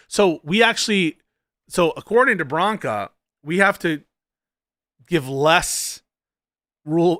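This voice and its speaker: Man, reaction streamer, sarcastic and profane, bright tense voice, dry close sound. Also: on the high side, animated, a little slow, no room sound. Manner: sarcastic, profane, laughs often. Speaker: streamer reacting to a debate clip. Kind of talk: casual commentary.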